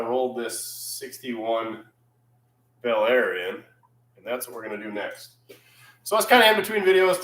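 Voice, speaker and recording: A man's voice: mid-range voice, pushed and bright, reverberant, poor audio. A man hosting a casual livestream from his repair shop, rambling and reading viewer comments aloud. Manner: laid-back, rambling, reads chat aloud. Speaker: channel host.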